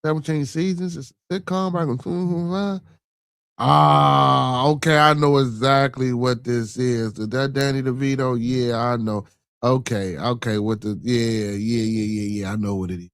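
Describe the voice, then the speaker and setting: His voice is mid-range and creaky yet smooth, fairly bright, with fairly even intonation at a moderate pace. A middle-aged man from Chicago, he hosts a live podcast, casually reading viewer comments while laughing, swearing and repeating himself. Clean studio sound, no room sound.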